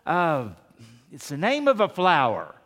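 A man voicing a forgetful, excitable man in a joke, eager and fumbling for words, in an echoing hall. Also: fairly high pitch, measured pace, heavily acted. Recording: long reverb of a large hall.

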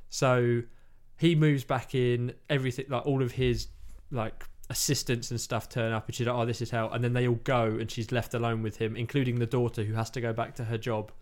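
A man's voice: mid-range voice, flat delivery, brisk, hardly any pauses. Man telling a film story. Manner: rambling storytelling, acts out quotes. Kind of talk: casual chat.

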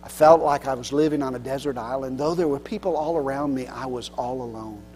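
A man pastor preaching a sermon earnestly, swinging between loud emphasis and soft, low passages. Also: fairly quick. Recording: long hall reverb with mains hum.

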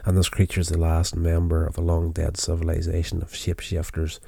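A man's voice: low-pitched, completely flat delivery, fairly quick, creaky, dark tone, breathy edge, dry recording. A tired man casually recapping a television episode, rambling with many fillers and restarts. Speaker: show recapper.

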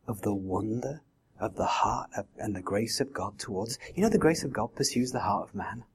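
Husky preacher man asking questions. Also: lowish voice, animated, moderate pace. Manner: conversational, with rhetorical questions. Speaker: pastor. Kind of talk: sermon.

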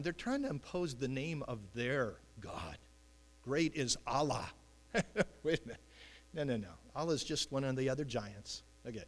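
Male pastor, animated sermon delivery, mid-range voice, long hall reverb. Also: medium pitch. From United States. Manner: animated, acts out voices, chuckles.

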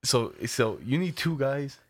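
A young man telling a party story to a friend in casual chat, animated and jumping high in pitch when he quotes people. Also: unhurried. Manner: animated storytelling, voices others with big pitch jumps.

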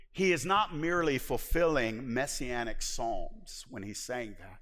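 A man preaching a sermon with passion, building to emphatic peaks and dropping to hushed, intense lows. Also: a little slow, hardly any pauses. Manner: impassioned, rises to emphatic peaks and drops to hushed low passages. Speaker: pastor. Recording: long hall reverb.

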